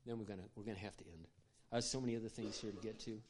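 A man's voice: on the low side, steady tone, racing, a little mellow, a little hiss or hum. Impassioned older male pastor telling stories. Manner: impassioned, conversational, with asides to the audience. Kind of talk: sermon storytelling.

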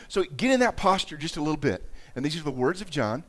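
A man's voice: a little high, expressive, fast, crowd noise. A man preaching a conversational sermon, often repeating and restarting words and raising his voice when he reads scripture aloud. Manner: conversational, dramatic rises in voice while reading scripture. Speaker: pastor.

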